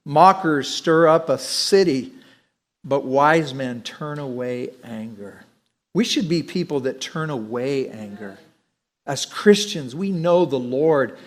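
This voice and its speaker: Conversational man teaching a sermon. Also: mid-range voice. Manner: conversational, with frequent restarts. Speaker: Bible teacher.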